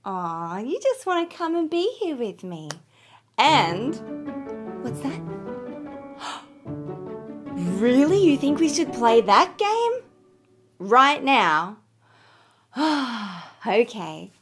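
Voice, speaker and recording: High lively lady voice, slow gentle kids singing teacher, piano playing behind. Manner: gentle, encouraging, sings moo notes. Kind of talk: children's singing lesson. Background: piano keyboard.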